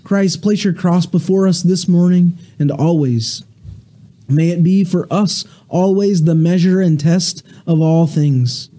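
A man pastor preaching a sermon and leading prayer, earnest with halting restarts. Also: high-pitched, warm tone. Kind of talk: sermon with prayer and a told joke.

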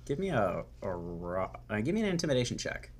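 A man with a lowish voice runs a tabletop game as its narrator. He talks in stops and starts, full of fillers and restarted phrases, and keeps the scene moving between players. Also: sing-song. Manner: halting, many fillers and restarts. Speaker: game master.

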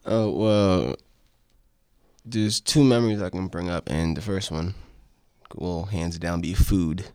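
A young man with a very low, deep voice talks as a podcast guest. His delivery is laid-back and jokey, with some proud boasting. The sound is close and dry. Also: fairly even intonation, slow pace, a little mellow, smooth, no room sound. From United States, Jamaican parents. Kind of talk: casual chat.

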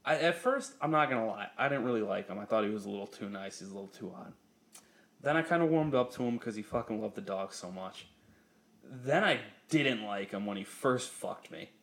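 Gravelly young man, profane podcast storyteller. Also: fairly low pitch, fairly quick. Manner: profane, laughing, animated storyteller. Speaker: podcast co-host. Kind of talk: casual storytelling chat.

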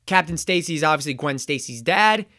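A man's voice: fairly high pitch, expressive, a little fast, sharp tone. A man hosting a podcast, recapping a movie in casual chat, rambling with chuckles and acting out quotes. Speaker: podcast host.

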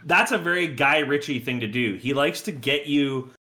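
A man co-hosting a podcast, chatting casually in an animated way. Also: fairly high pitch, moderate pace. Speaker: podcast co-host.

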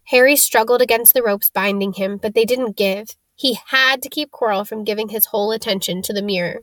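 A woman narrating a story for an audiobook in a steady, clear manner. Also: mid-range voice, brisk, hardly any pauses, no echo. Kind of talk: scripted narration.

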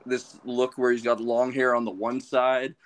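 A man's voice: medium pitch, flat delivery, a little slow. A man in his late thirties co-hosting a podcast, telling a rambling, self-deprecating story with plenty of swearing. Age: 30s. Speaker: podcast co-host. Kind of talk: casual storytelling.

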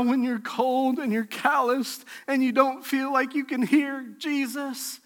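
A man preaching a sermon as pastor, impassioned, swinging from soft lines to shouted calls. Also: extremely high pitch, little pitch movement, measured pace, hardly any pauses. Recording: long hall reverb.

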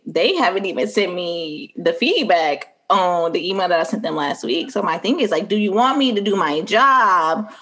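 An exasperated woman grumbles about work that is stuck waiting on others, as her friend imitates her. Her pitch swings widely as she throws out rhetorical questions. It is casual comic impersonation. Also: expressive, moderate pace, few pauses, a bit bright.

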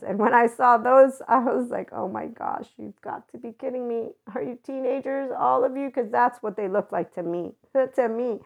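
Gravelly-voiced woman telling blunt stories. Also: mid-range voice. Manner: blunt and profane, laughing often. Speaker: podcast host. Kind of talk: candid storytelling monologue. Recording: dull lo-fi recording.

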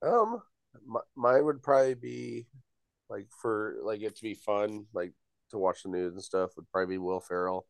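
A man's voice: fairly low pitch, moderate pace, vocal fry, no room sound, poor audio. A young man co-hosting a podcast in playful casual chat, giggling as he talks. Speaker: podcast co-host.

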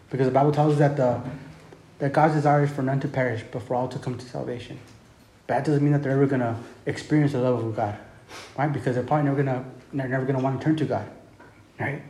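Male preacher, casual sermon delivery, mellow tone, echoey room. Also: mid-range voice, fairly even intonation, fast talker. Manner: conversational preaching, frequent "man" and "right?". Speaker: pastor. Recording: roomy echo with faint ambience.

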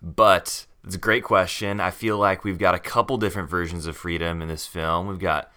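A man with a very low but bright, forceful voice co-hosts a podcast. He is friendly and enthusiastic and pokes fun at himself. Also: fairly even intonation, moderate pace, smooth. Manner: friendly, self-deprecating, enthusiastic. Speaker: podcast co-host. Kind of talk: casual podcast discussion.

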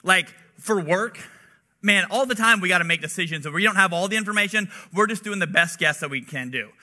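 Bright, high-voiced young preacher man. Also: fairly quick. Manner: chatty, relatable, heavy use of "like". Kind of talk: casual conversational sermon.

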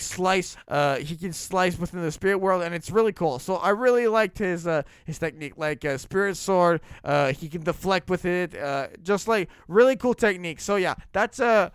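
A man's voice: high-pitched, clean tone, no echo, clean studio sound. A man co-hosting a podcast, casually rambling about anime characters with frequent restarts. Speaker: podcast co-host.

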